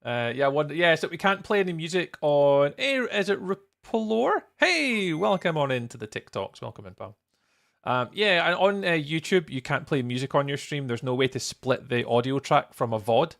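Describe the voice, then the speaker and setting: A man's voice: a little high, very animated, normal speed, creaky, fairly bright tone. A Scottish man chatting casually with viewers on a live stream while he builds in a game, greeting people by name and laughing often. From Scotland.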